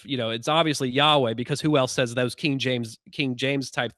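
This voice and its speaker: A male podcast host rattles through his thoughts quickly in a casual, wry way. His voice sits at a middle pitch. It is recorded close and dry. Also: no echo. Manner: fast-talking, animated, wry. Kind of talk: casual conversational commentary.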